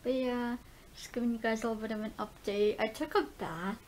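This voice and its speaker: Woman vlogging at home, lisps w/ new false teeth, kinda high voice, lots of ums and likes. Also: fairly quick, a little hiss or hum. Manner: lisping while getting used to new dentures; relaxed, rambling, many fillers. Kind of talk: casual vlog chat. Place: at home, indoors.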